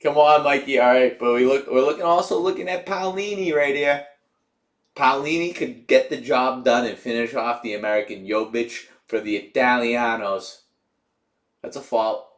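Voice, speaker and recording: A man's voice: medium pitch, moderate pace. A young man hosting a live stream, chatting casually, cheering and teasing his viewers. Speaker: livestream host.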